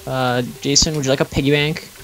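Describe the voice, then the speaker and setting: A man's voice: medium pitch, fairly even intonation, fairly quick, noisy background. A man chatting casually while playing a video game with friends, joking and bossing his teammates around. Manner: playful, bossy, joking. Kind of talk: casual let's play chat.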